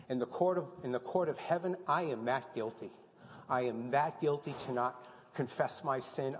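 A pastor giving a sermon, telling a story with lively, halting restarts. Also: male voice, mid-range voice. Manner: animated storytelling with many restarts. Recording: long hall reverb.

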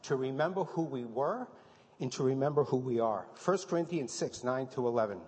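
A pastor giving a sermon, telling a story with lively, halting restarts. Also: male voice, mid-range voice. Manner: animated storytelling with many restarts. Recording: long hall reverb.

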